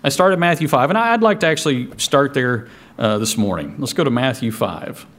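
A man gives a sermon at an ordinary speaking pitch. He talks to the congregation in a loose, conversational way and often restarts his sentences. He reads scripture aloud as he goes. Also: expressive, brisk, a bit bright. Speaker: pastor.

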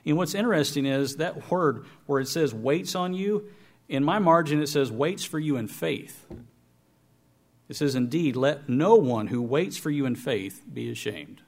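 Man preaching, from loud to hushed. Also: lively intonation, measured pace. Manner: swings between raised, emphatic reading and quiet, low asides. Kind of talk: sermon with scripture reading.

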